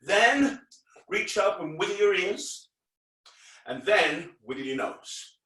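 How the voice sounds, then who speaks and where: A man's voice: high-pitched, slow, bright, forceful tone. A man performing a children's magic show, talking playfully to the kids and acting mock-frustrated when his tricks go wrong. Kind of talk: kids' magic show patter. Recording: echoey room, distant mic.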